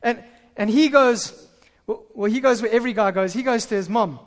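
A man preaching a sermon as pastor, animated and full of stammered restarts. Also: very high voice, normal speed. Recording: reverberant hall.

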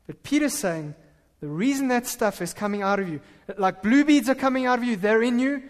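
A man preaching a sermon as pastor, animated and full of stammered restarts. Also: extremely high pitch, brisk. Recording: reverberant hall.

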